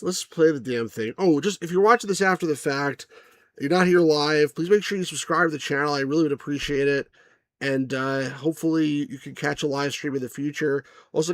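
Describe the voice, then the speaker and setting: A man's voice: a little high, no echo. Rambling male game reviewer. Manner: rambling, chuckling, many restarts and asides to viewers. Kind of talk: casual gameplay commentary.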